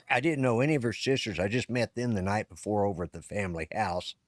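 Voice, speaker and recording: A man's voice: on the low side, fairly quick, no room sound, clean studio sound. A middle-aged or older man, co-hosting a podcast, telling a long rambling story in a casual way, stopping and restarting as he goes. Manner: rambling, self-interrupting storyteller. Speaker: podcast co-host. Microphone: live-stream call setup.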